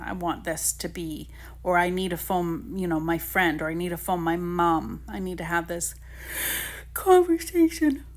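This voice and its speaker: A woman talking casually and encouragingly to viewers, giving spiritual advice about intuition. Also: fairly low pitch. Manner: chatty, encouraging, addresses viewers directly. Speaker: spiritual teacher.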